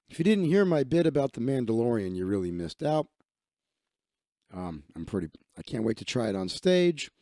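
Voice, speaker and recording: A man's voice: fairly high pitch, mellow, no room sound, studio quality. A man hosting a live stream, chatting casually in a crude, rambling, joking way. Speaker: livestream host.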